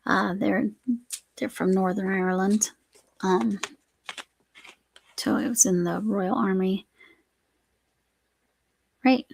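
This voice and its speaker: Chatty woman with vocal fry. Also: mid-range voice, steady tone, slow, long pauses, a little mellow, a little hiss or hum. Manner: rambling, chatty, often breaks off mid-sentence. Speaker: craft live-stream host. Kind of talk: casual chat while crafting.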